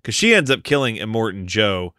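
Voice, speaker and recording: Low bright-voiced man on a podcast. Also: big pitch swings, fairly quick, no room sound, studio quality. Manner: laid-back, profane, laughs often. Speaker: podcast co-host. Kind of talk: casual film discussion.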